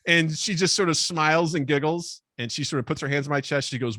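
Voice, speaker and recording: A man spins a comic story in casual podcast chat, lively and self-deprecating, jumping into little voices for the people in it. His voice sits a touch high for a man and comes across bright and forceful, recorded close and dry. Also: fairly quick, dry recording.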